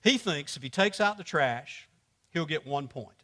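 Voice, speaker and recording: Speaking a little slowly, this man has a fairly high, expressive voice with a bit of brightness. He leads a men's class at church in a joking, conversational manner, quizzing his listeners and laughing often as he teaches with humor.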